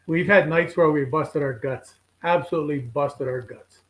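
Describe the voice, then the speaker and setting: An older man, a regular guest telling animated stories in casual chat and voicing the people in them. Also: a little high, moderate pace, rough recording. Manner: animated storyteller who voices the people in his stories. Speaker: regular guest on a fishing show.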